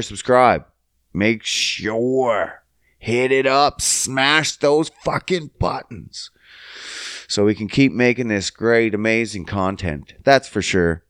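A young adult man from Canada hosting a solo comedy podcast, profane and sing-song, jumping up high for silly bits. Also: a bit bright, no echo, studio quality. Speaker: podcast host.

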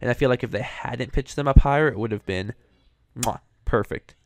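A man's voice: medium pitch, quick pace, gravelly, no room sound, clean studio sound. A young man hosting casual commentary, an opinionated, chatty fan. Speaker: show host reviewing voice actors.

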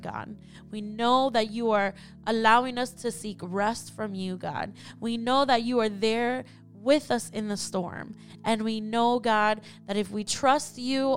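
A young woman hosting a podcast, leading a fervent spoken prayer and calling on God again and again between phrases. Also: fairly high pitch.

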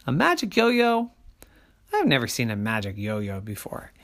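A storyteller voicing a calm, doubtful mother in a children's story. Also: medium pitch, unhurried, exaggerated voice.

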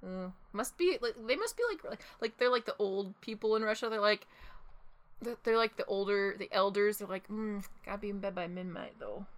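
A woman's voice: mid-range voice, normal speed. A woman who wrote the story being read, chatting casually and giggling, rambling with lots of fillers. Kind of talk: casual chat.

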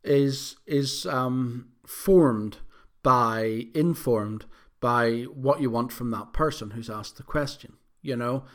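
A man hosts his own podcast alone, chatting casually at a middle pitch. He rambles, restarts his sentences and fills the gaps with ums, often poking fun at himself. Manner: rambling, self-deprecating, many fillers and restarts. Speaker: podcast host. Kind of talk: casual solo podcast monologue.

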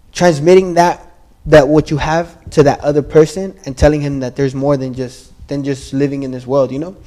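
A man's voice: medium pitch, mellow. Earnest young man sharing faith. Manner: earnest, rambling, says bro and like a lot. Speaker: church member sharing testimony. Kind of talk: casual testimony chat.

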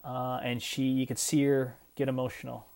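Middle-aged man, proud father, choked up, halting, lots of ums and uhs, casual vlog talk. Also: medium pitch, little pitch movement, creaky, a little mellow. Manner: emotional, halting, many fillers. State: choked up with emotion. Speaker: parent vlogger.

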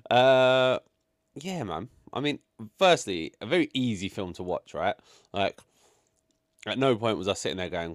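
A man talks through his opinions in a casual chat, swearing freely and filling gaps with "like" and "um". His pitch swings widely, though his voice sits on the low side. The recording is dry and close. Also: normal speed, long pauses, no room sound. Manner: blunt, sweary, animated opinions with frequent fillers. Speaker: podcast co-host reviewing a film.

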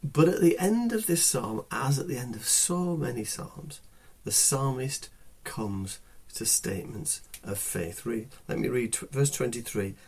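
A man with a husky, slightly breathy voice delivers a devotional sermon at a slow, deliberate pace. He speaks earnestly to his listeners, lingering on phrases and repeating words to stress them. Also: medium pitch, expressive, darkish tone. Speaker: pastor.

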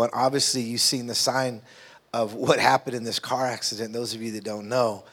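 A man's voice: mid-range voice, flat delivery, moderate pace, a bit bright. A man preaching a sermon in a church, exhorting the congregation, calling out for amens and reading scripture aloud. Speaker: guest preacher, pastor's brother. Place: church sanctuary.

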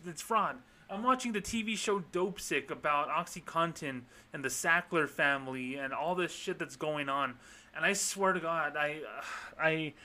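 A man's voice: fairly high pitch, pushed and bright. A man hosting a podcast in a blunt, sarcastic, profane ranting style. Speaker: podcast host.

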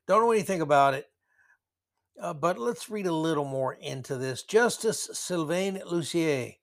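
A man hosting a solo opinion podcast, ranting sarcastically and hammering his key words. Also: on the high side. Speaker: podcast host.

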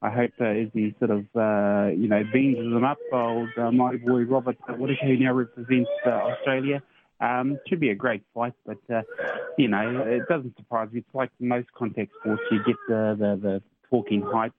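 A man's voice: medium pitch, little pitch movement, moderate pace. A man with a New Zealand accent co-hosting a casual chat, rambling easygoing with many uhs, heard through a phone line. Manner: easygoing, rambling, frequent fillers. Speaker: co-host. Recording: noisy tinny phone line.

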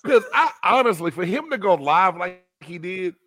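A man's voice: high voice, big pitch swings, normal speed, pushed and bright, a little hiss or hum. A man from Texas co-hosting a podcast in casual chat, retelling stories in a laid-back way and laughing along. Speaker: podcast co-host.

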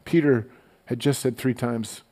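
A man giving a relaxed, conversational sermon as a pastor, often repeating words as he goes. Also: medium pitch, normal speed. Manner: conversational, relaxed storytelling with frequent stammered word repeats.

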